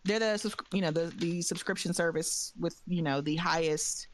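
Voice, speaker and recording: A woman's voice: lowish voice, normal speed, a little hiss or hum. A woman guest on a podcast in casual chat, laid-back and laughing often.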